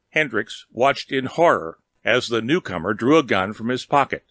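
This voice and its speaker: Man reading a story aloud, steady and measured, mid pitch, dry close sound. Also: no room sound. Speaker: narrator. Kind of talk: audiobook reading.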